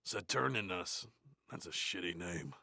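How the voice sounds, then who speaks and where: A bored cartoon death metal frontman with a sore throat, reading in a low, heavily gravelly growl. His voice is husky yet has a hard, forceful edge. He mumbles crude, swearing asides and sounds close and dry. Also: animated, unhurried, no echo, heavily acted. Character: gruff, grumbling male death metal frontman. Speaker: reader of a play. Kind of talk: comedic in-character reading.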